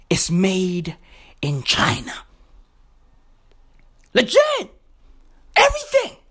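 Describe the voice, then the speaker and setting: A man with a notably high voice rants in a slow, drawn-out comedic tirade. He swears freely, throws in slang constantly and jumps from low mutters to loud shouts. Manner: shouting, swinging pitch wildly, heavy slang. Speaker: vlogger. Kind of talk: profane comedic rant. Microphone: home recording setup.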